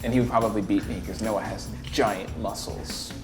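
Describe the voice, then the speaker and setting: A man with an American accent, co-hosting and answering viewer questions about English in a relaxed, easygoing way. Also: lowish voice, normal speed. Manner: relaxed, easygoing explanations with frequent laughs. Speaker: English teacher, co-host. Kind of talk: casual teaching chat answering viewer questions. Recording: echoey studio with music behind.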